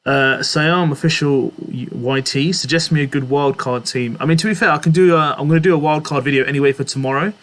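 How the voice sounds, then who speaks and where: A man's voice: a little high, brisk, hardly any pauses, fairly bright tone. A young man hosting a casual live stream, reading out viewers' chat messages and answering them in a chatty way, often laughing. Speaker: livestream host answering chat.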